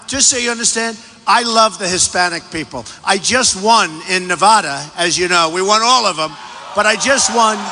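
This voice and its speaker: A man gives a campaign rally speech in a big hall, repeating his points and bragging. His voice sits high and comes out sharp and tense. Long arena reverb trails every phrase over a faint background hiss. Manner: repetitive, emphatic, boastful, with shouted asides. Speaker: political candidate. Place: large indoor rally venue.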